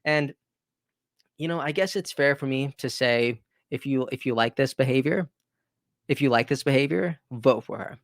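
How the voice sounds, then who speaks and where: A man's voice: mid-range voice, moderate pace, dry recording, clean studio sound. A man hosting his own commentary video, talking casually with emphatic asides and frequent restarts. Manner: conversational, repetitive restarts, emphatic rhetorical asides. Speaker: political commentary host.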